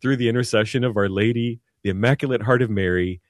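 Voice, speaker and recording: A man's voice: medium pitch, fast, no room sound. A man, a priest, talking earnestly on a studio radio show, often repeating words as he goes. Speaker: priest guest. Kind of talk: radio talk on devotion.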